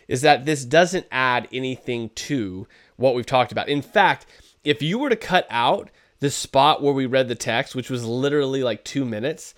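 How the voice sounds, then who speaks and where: A man giving casual, critical commentary while reviewing a sermon clip, talking loosely with fillers. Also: mid-range voice. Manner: conversational, critical, frequent fillers. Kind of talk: video commentary.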